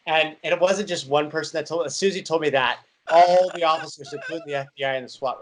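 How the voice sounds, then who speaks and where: A man's voice: on the high side, fast talker, few pauses, fairly bright tone, poor audio. Man in his thirties, chatty interview guest. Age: 30s. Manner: chatty storytelling, frequent fillers. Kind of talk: conversational interview.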